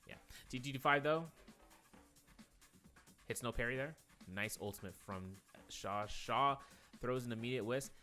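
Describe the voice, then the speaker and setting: A man commentating an esports match play by play, rattling off quick calls and drifting into rambling asides full of fillers. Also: mid-range voice, pushed and bright, faint music behind.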